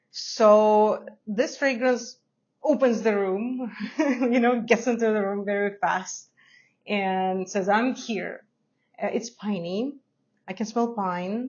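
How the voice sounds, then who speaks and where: A woman's voice: mid-range voice, lo-fi sound. A woman who is not a native English speaker, reviewing fragrances in a chatty, hesitant way and laughing often. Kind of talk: casual review to camera.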